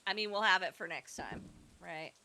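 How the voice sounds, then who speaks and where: A woman with a bright, tense voice chats casually on a game stream. Her pitch moves around a lot. She is playful and excitable, given to mock dramatic outbursts. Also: moderate pace, slight background noise. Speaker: guest co-streamer. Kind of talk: casual gameplay chat.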